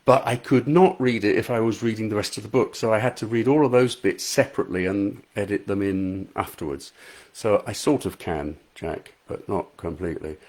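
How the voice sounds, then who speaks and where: A man's voice: lowish voice, fairly quick, a little mellow. A middle-aged English man chatting casually with live viewers as an author, reading out their comments. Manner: chatty, self-deprecating, reads out viewer comments. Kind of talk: casual live-stream chat.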